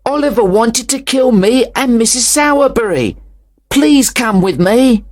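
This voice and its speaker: A man reading a storybook aloud, voicing a big, jealous teenage bully in a high, strained, slow voice. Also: animated. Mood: whining.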